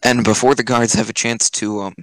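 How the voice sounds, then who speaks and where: A man's voice: mid-range voice, flat delivery, brisk, fairly bright tone, dry recording, rough recording. A man narrating as game master for a tabletop game, hesitant with many ums and restarts.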